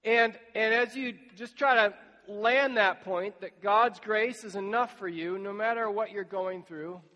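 A man's voice: sits high, measured pace, bright, forceful tone, muffled recording. A man preaching a sermon as pastor, talking conversationally and acting out imagined exchanges with people in hard times. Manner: conversational, acts out imagined dialogues. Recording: long church reverb.

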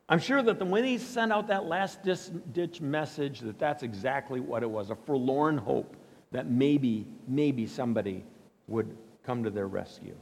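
Animated preacher in a reverberant hall. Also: male voice, fairly high pitch. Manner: animated, dramatic storytelling with acted-out quotes. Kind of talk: storytelling sermon.

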